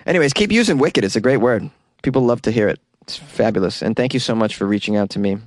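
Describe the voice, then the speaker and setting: A man's voice: mid-range voice, animated, fast, dry recording. A young man with a Boston accent hosting a solo podcast from a small closet studio, joking and self-deprecating with frequent laughs. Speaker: podcast host. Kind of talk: casual solo podcast chat.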